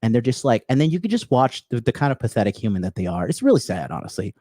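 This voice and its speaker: A man's voice: medium pitch, big pitch swings, quick pace, dark tone, no echo, clean studio sound. A man hosting a livestream, giving blunt dating advice full of swearing, calling his viewers bros and answering chat messages. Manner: blunt and profane, heavy swearing; addresses viewers as bros, reads chat aloud. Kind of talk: unscripted livestream rant.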